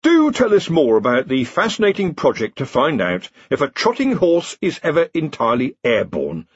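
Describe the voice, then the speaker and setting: A weary wizard, played by a man, explaining things patiently as if to a child, his voice a little raised and husky. Dry, dull audiobook sound. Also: medium pitch, big pitch swings, a little slow, dry recording, pitched above the performer's own voice.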